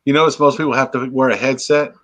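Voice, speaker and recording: A man's voice: mid-range voice, fairly even intonation, quick pace, a bit bright, no room sound. A tired man hosting a casual late-night live stream from home on a laptop mic, chatting and greeting viewers. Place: home, indoors. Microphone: laptop microphone.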